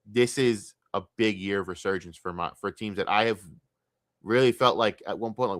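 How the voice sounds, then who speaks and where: A young man streaming a casual, profane and rambling sports rant, talking excitedly. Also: fairly low pitch, normal speed, no echo, studio quality.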